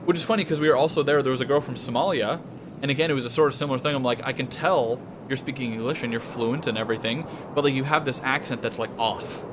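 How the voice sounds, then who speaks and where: A man's voice: mid-range voice, quick pace. Casting note: young Canadian guy, rambling gamer chat, noisy stream audio. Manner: rambling, chatty, swears freely. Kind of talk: casual gaming stream chat.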